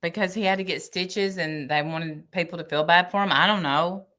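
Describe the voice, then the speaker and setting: A woman recaps courtroom testimony from her notes in a casual podcast chat, wry and chatty. Her voice is on the low side for a woman, with a bright, forward tone. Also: fairly even intonation, moderate pace. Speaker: podcast co-host.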